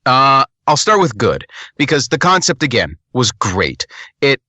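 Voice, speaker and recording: A man's voice: mid-range voice, very animated, measured pace, sharp tone, no echo. A man co-hosting a podcast, reviewing a game in rambling, casual, sometimes profane talk with lots of restarts.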